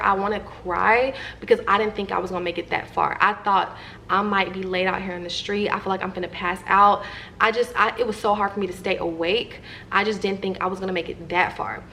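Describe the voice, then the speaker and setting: A young woman speaks straight to her viewers, telling a story from her own life in a lively, chatty way. Her voice sits at an ordinary middle pitch for a woman. A faint hiss runs behind her. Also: vocal fry. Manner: animated, chatty storytelling that addresses viewers directly. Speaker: vlogger.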